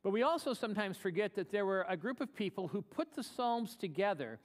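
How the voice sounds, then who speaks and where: A man pastor preaching a live church sermon, earnest, slowing down to read scripture aloud. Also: high voice, expressive. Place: church sanctuary. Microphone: live broadcast.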